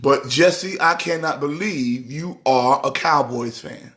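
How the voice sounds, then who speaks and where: A middle-aged man from New York hosting a casual live stream, talking sports in an animated, teasing way and breaking into preacher-like exhortation. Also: medium pitch, slow pace.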